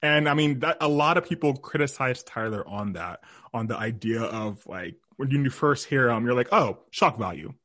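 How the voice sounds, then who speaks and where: A man's voice: medium pitch, moderate pace, hardly any pauses, fairly bright tone, no room sound, clean studio sound. A young man co-hosting a podcast, chatting casually about music and rambling while he hunts for lyrics. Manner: rambling, searches for lyrics mid-sentence. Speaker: podcast co-host.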